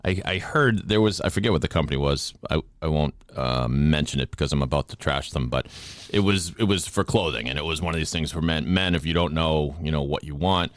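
Deep-voiced man in his fifties, podcast host, jokey rambler, dry close mic. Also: expressive, brisk, few pauses, dry recording. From Boston area. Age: 50s. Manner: rambling, self-deprecating, jokey with restarts. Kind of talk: casual interview chat.

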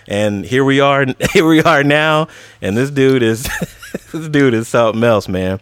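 A man hosting a podcast, chatting in an animated way and telling stories. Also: mid-range voice, unhurried, smooth. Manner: animated, laughing, storytelling. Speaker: podcast host. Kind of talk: casual podcast chat.

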